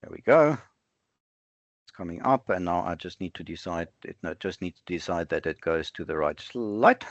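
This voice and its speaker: A man presenting a live software demo over an online webinar, thinking aloud in a conversational way and often correcting himself. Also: low-pitched, expressive, no echo. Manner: conversational, self-correcting, halting fillers. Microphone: online webinar with screen sharing. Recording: dull, dry lo-fi online call audio.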